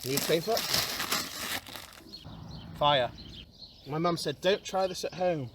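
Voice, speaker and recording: A young man streaming a casual outdoor vlog, excitable and chatty, who keeps calling his viewers boys and swings between mumbling and yelling. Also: on the high side, slow pace, noisy background. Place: outdoor garden.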